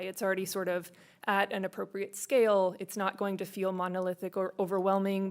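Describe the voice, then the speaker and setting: Woman, smooth clear voice, flat even delivery, methodical presenter. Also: medium pitch. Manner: steady, methodical, explaining with fillers.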